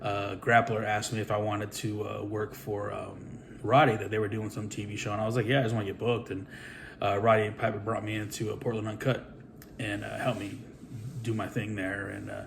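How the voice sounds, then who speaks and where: A man's voice: fairly low pitch, little pitch movement, fairly quick, vocal fry, slight background noise. A middle-aged man, a pro wrestler and trainer, telling a story in a rambling, casual way, full of swearing and fillers. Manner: rambling, profane, with many fillers.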